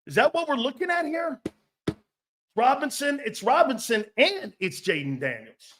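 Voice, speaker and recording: A man hosting a sports talk stream, brash and profane, reading chat comments and firing back with loud outbursts and mocking asides. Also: very high voice, very animated, a little slow. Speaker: sports talk show host.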